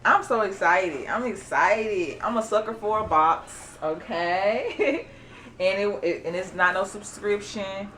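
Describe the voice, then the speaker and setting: A woman chatting casually through an unboxing, animated and excitable. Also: mid-range voice, slow pace, slight background noise. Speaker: beauty vlogger.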